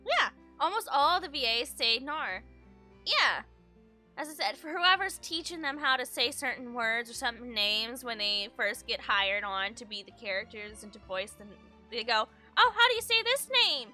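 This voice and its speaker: A woman's voice: a little high, moderate pace, sharp tone, soft background music. A woman streaming a game, reading its text aloud and adding chatty, musing asides in casual commentary.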